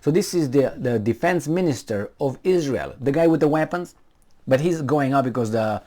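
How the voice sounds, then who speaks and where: A man's voice: mid-range voice, lively intonation, normal speed, warm tone. A man giving casual, sarcastic commentary on a news story he reads aloud, rambling with many fillers and restarts.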